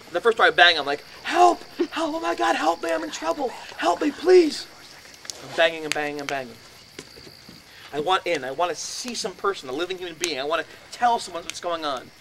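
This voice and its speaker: A man with a fairly high voice tells a first-person story to a live audience. He acts out the scenes and breaks into sudden loud bursts. The recording is noisy, with crickets chirping in the background. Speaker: speaker at a haunted-house talk.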